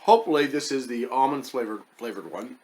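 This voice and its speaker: A man's voice: medium pitch, big pitch swings, normal speed. A man casually reviewing chocolates as the host of his own channel, wry and hesitant, muttering as he tastes. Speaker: food reviewer.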